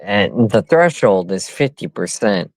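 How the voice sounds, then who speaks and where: A man telling a story in casual talk, halting and restarting often. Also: on the low side, big pitch swings, dry recording. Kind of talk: casual chat.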